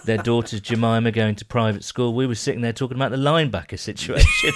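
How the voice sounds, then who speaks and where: A man's voice: mid-range voice, huge pitch swings, brisk, noisy background. A man co-hosting a podcast, chatting and joking in casual banter. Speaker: podcast co-host.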